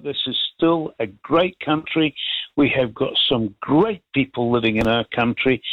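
A man's voice: a little high, no room sound, narrow, tinny audio. An older man calling in to a radio talk show, chatting in a rambling, heartfelt way. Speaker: caller. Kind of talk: casual radio call-in chat.

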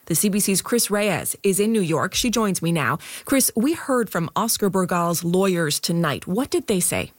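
A woman news anchor reading the headlines in a measured, formal way. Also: fairly low pitch, animated, dry recording, studio quality. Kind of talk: radio newscast reading.

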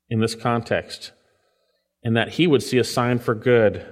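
A man delivers a verse-by-verse sermon at a middle pitch, reading scripture aloud and then explaining it. His voice climbs sharply when he stresses a point and falls to a low, soft tone at the ends of thoughts. A long reverb hangs behind him, as in a large hall. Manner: animated, pitch swings up for emphasis then drops low. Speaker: pastor. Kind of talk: expository sermon.

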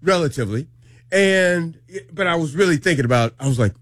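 A man tells a story on morning radio, his high voice swooping all over as he acts out what people said. The studio sound is dry and close, with no room around it. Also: a little fast, no echo. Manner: animated, acts out quotes in a raised voice. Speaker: radio show co-host.

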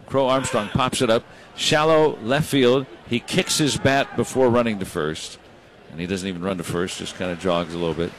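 A man calling baseball play by play, brisk and rising when big plays happen. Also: on the low side, a little hiss or hum. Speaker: play-by-play announcer.

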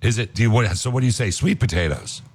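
A man's voice: mid-range voice, fairly even intonation, rapid-fire, background noise. A man hosting a radio show, joking casually with his co-host. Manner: playful, jokey.

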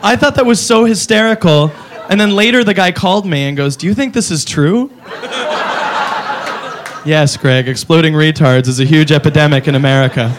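A man doing a profane stand-up comedy routine on a club stage, exaggerated and animated, jumping into silly voices. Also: fairly high pitch, brisk, a crowd in the background. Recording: noisy live club recording.

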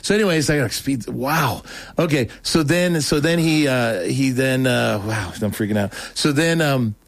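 A man as a talk show guest telling a personal testimony story. He rambles, stumbles over restarts, and acts out what others said to him. His pitch is average and the sound is dry and close. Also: normal speed, dry recording.

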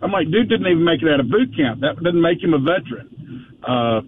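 A man's voice: on the high side, animated, a little fast. A man calling in to a radio talk show, chatting casually and rambling with many restarts. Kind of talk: casual call-in chat. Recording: muffled phone line with faint hiss.

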